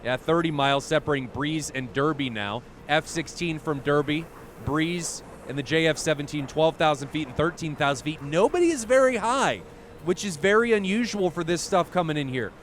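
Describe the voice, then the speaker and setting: A man's voice: a little high, lively intonation, moderate pace, slight background noise. Chatty man calling a flight-sim match. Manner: chatty, reads chat aloud, corrects himself often. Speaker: esports commentator. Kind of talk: live play-by-play commentary.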